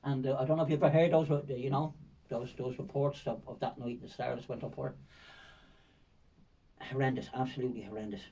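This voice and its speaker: An older man with a Dublin accent tells vivid, winding stories as a podcast guest, looping back with fillers and repeated words. His voice is dark and mellow. He sits a little away from the microphone. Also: mid-range voice, steady tone, fairly quick, breathy edge, recorded from a distance, poor audio. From Ireland. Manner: rambling, vivid storytelling with frequent fillers and repetitions. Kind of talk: storytelling in a podcast interview.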